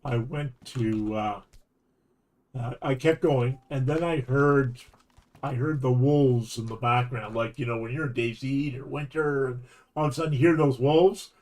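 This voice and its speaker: A man's voice: mid-range voice, moderate pace. A Canadian man streaming a game, telling a long rambling story with false starts and laughs. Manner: rambling, animated anecdote with restarts and laughs. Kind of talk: casual storytelling while gaming.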